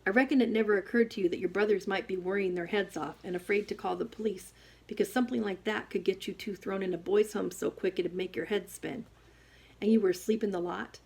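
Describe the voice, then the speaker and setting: A woman reading an audiobook, voicing an angry older brother who shouts and scolds. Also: medium pitch, fairly even intonation, brisk, creaky, slightly rough. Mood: scolding. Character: angry young man, stern older brother.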